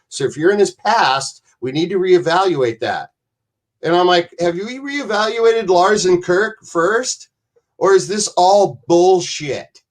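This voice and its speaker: A man guest telling rambling, profane backstage stories and acting out other people's lines. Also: fairly high pitch. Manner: profane, rambling, acts out quoted voices. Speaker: podcast guest. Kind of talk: animated storytelling.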